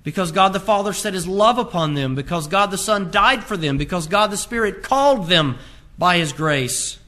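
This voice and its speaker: A man preaching a sermon as pastor, reading scripture aloud and moving between forceful emphasis and low, quiet delivery. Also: animated, moderate pace. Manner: emphatic preaching, reads scripture aloud in King James wording; rises in force on key phrases, drops low and quiet on others.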